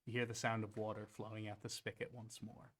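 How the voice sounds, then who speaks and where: A man's voice: lowish voice, flat delivery, fast talker, a bit bright. A man narrating as game master of a tabletop game, casual and hesitant with fillers.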